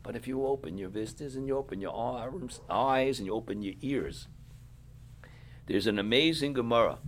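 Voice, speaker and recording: A middle-aged man speaking as a rabbi, giving a sermon to yeshiva students, clearing his throat often, repeating for emphasis, and sounding tired. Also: medium pitch, moderate pace, a little hiss or hum.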